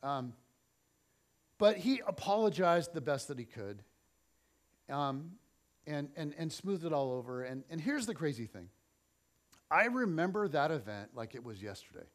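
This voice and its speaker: A middle-aged pastor preaching in church, his voice sitting a little higher than most men's. He tells a personal story as he preaches, and he shifts often between loud, pushed lines and quiet, dropped ones. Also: unhurried, pauses often. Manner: animated, swings between loud and soft.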